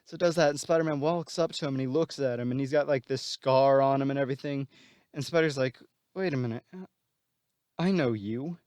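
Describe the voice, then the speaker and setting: A man's voice: medium pitch, fairly even intonation, quick pace, darkish tone, smooth, no echo. A man casually retelling a story plot, rambling and full of fillers.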